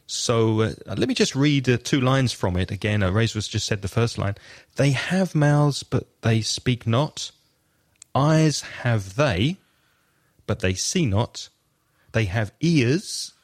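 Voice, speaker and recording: Guy with a lowish voice co-hosting a language podcast, patient teacher vibe. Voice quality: patient, explanatory teacher manner. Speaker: podcast co-host. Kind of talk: friendly English-teaching podcast talk.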